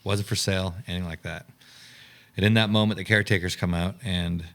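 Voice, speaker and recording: Deep-voiced man telling a lively story. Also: fairly quick. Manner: animated storyteller acting out quoted dialogue. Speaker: camp owner and director. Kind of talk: storytelling in a podcast interview.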